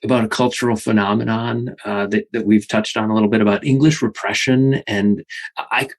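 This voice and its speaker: An American man hosts a podcast interview in a low, slightly husky voice. He talks in a relaxed, reflective way, restarting now and then as he frames his questions. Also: brisk, poor audio. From United States. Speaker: podcast host. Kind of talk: casual interview.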